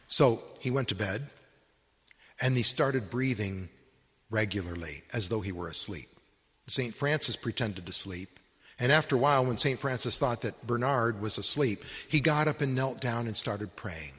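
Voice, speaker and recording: Man, priest, sermon, slow reflective preaching, husky voice, echoing hall. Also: mid-range voice, animated, fairly bright tone. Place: conference hall.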